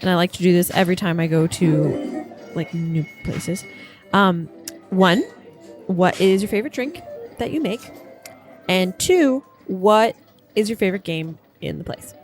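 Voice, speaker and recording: A woman's voice: on the low side, unhurried, soft background music, close to an everyday voice. A woman voicing Juniper, a curious young woman visiting a casino for the first time, in a chatty, sing-song way.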